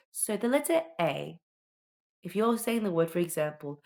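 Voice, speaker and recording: A woman's voice: low voice, expressive, a little slow. A woman teaching children the alphabet, patiently sounding out each letter and often checking in with "okay?". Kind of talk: slow alphabet lesson for children.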